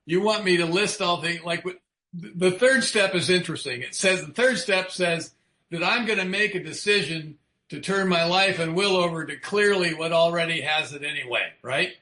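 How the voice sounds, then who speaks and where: A man's voice: high-pitched, normal speed, pushed and bright, reverberant. A man speaking frankly about recovery, swearing freely and asking his listeners rhetorical questions. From United States. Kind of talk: recovery talk.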